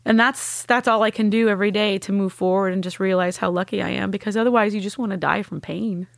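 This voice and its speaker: A woman's voice: fairly even intonation, quick pace, gravelly, dry recording, studio quality. Earnest woman telling a heartfelt story. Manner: earnest and heartfelt, speaks with deep conviction. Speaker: podcast guest. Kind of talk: emotional personal storytelling.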